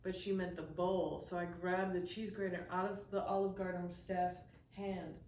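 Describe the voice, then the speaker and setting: A woman's voice: on the low side, level tone, normal speed, a little mellow. A young woman co-hosting a podcast, telling rambling stories with a giggle. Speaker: podcast co-host. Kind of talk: casual chat. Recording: roomy echo, mic at a distance, faint hiss.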